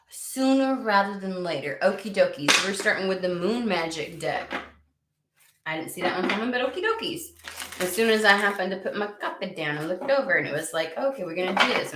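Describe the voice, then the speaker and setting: A woman's voice: on the low side, heavy background noise. A woman from the United States, reading tarot and chatting casually, easily sidetracked, swearing now and then. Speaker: tarot reader. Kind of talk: rambling casual chat. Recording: echoey room.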